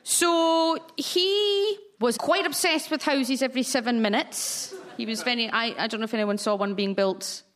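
A woman's voice: fairly high pitch, normal speed, few pauses, fairly bright tone. A woman hosting a comic panel discussion, chatty and self-mocking, often laughing as she talks. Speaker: panel show host.

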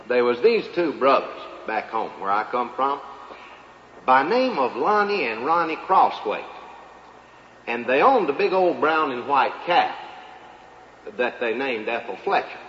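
A man's voice: mid-range voice, slight background noise. A man telling a folksy comic tale in a live monologue, in a dull, echoey live recording. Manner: folksy drawling storyteller, feigned humility. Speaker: comedian.

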